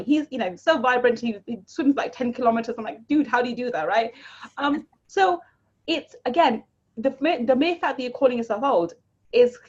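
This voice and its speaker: A woman speaking as a guest coach in a casual interview, animated, often repeating words and jumping higher for emphasis, on a dull lo-fi recording. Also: slightly rough. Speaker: guest, money mindset coach. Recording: dull lo-fi sound.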